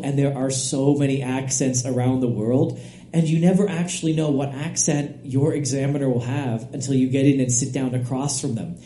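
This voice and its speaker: A man who is a native English speaker, a guest expert giving steady, explanatory podcast answers and often checking in with "right?". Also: fairly high pitch, a little hiss or hum. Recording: echoey room.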